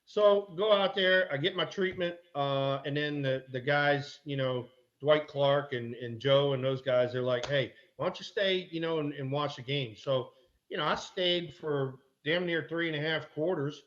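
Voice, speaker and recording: Middle-aged male guest, lively raconteur, curses casually, muffled recording. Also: fairly high pitch, normal speed. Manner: animated, salty anecdote-telling with mild swearing. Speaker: guest, former ballplayer. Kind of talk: casual chat, storytelling.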